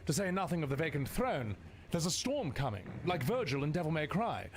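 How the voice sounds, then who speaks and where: A man's voice: on the high side, sing-song, fairly quick, noisy background. A man voicing a blunt common militiaman in a video game, with a wobbly put-on Scottish accent. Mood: gruff. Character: gruff common militiaman, adult male, blunt.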